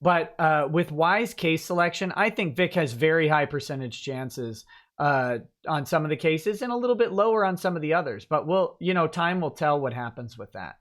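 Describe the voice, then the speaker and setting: A man hosting a live-stream interview, talking in a halting way full of restarts and dropping wry jokes. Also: a little high, expressive, a bit bright. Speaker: host.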